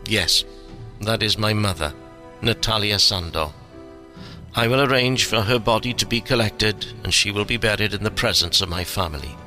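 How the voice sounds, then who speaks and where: A man's voice: lowish voice, moderate pace. Pushy late-fifties man, clipped demands, voiced by a male reader, faint music behind. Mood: insistent. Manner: curt, insistent, commanding. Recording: soft music underneath.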